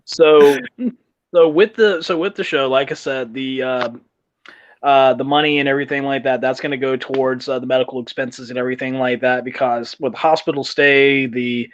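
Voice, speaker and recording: A man's voice: medium pitch, fairly even intonation, normal speed, slight background noise. A man speaking as a guest in a casual interview, earnest and hesitant, on a dull lo-fi recording. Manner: earnest, many fillers and restarts. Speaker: event organizer guest.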